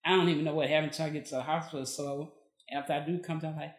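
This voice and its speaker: A woman's voice: deep voice, very fast, roomy sound. A woman, a podcast guest telling her story in casual conversation, acting out what people said. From Texas. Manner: lively, acts out quoted dialogue.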